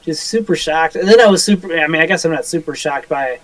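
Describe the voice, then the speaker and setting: A man's voice: fairly high pitch, quick pace, dry recording, low-quality recording. A man co-hosting a podcast in casual chat, rambling and swearing, with lots of filler words. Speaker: podcast co-host.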